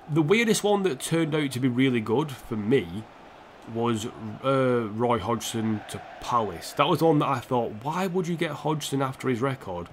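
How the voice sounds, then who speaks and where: A man's voice: mid-range voice, slight background noise. Chatty man streaming a football game. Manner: chatty, self-mocking, reacts to the match and answers chat. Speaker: streamer playing a football career mode. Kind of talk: casual live-stream commentary.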